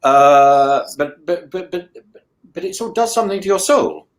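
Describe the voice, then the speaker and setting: A man's voice: sits high, lively intonation, normal speed. A man in casual chat on a show he regularly joins, talking in a thoughtful, musing way with many restarts and stammered repeats. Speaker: regular guest.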